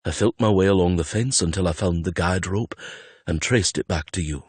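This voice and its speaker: A man voicing a calm older man who speaks in a low, reassuring rumble. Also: a little fast, husky, no echo.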